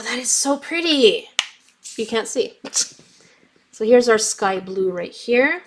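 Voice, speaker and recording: A young adult woman casually chatting on a craft livestream, reading viewer comments while testing markers, with a slight cough from bronchitis. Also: medium pitch. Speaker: craft YouTuber reading live chat.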